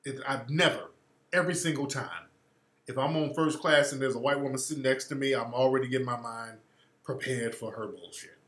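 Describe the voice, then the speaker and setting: A man's voice: medium pitch, brisk. A man hosting a radio show, talking in a casual, profane monologue and laughing as he tells stories. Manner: profane, laughing, animated storytelling. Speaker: radio host. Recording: roomy echo.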